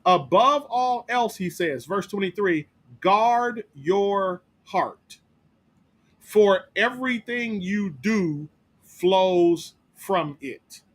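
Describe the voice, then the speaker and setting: Male pastor, higher than usual voice, teaching Bible study in church, emphatic, repetitive, checks in with "right?". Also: expressive, drawn-out words.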